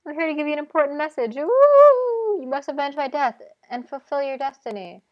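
A woman's voice: high-pitched, very animated, a little fast, dull audio, pitched above the performer's own voice. A woman voicing a ghostly spirit who delivers a prophecy in a grand, theatrical way. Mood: grandiose.

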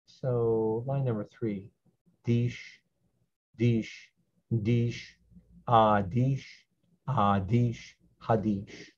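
A man teaching a slow Hebrew reading lesson, patiently repeating each syllable so learners can follow. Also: medium pitch, steady tone. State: clearing his throat. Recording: dull lo-fi sound.

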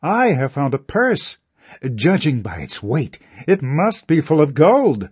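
A man's voice: on the high side, huge pitch swings, slow pace, darkish tone, husky, no echo, studio quality, pitched above the performer's own voice, exaggerated voice. A man reading a storybook voices a selfish traveler who wants to keep a found purse. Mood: greedy. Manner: grabby, boastful then panicky. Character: greedy selfish male traveler.

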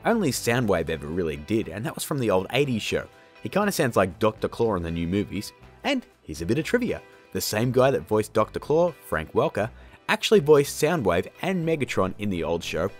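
Lively, chatty man hosting a tutorial. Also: fairly low pitch, brisk, soft background music. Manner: chatty and upbeat, with jokey asides. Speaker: video tutorial host. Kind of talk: casual editing tutorial.

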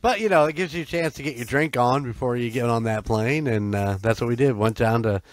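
A man's voice: medium pitch, brisk, dry recording. A man co-hosting a podcast in a laid-back casual chat, laughing often. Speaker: podcast co-host.

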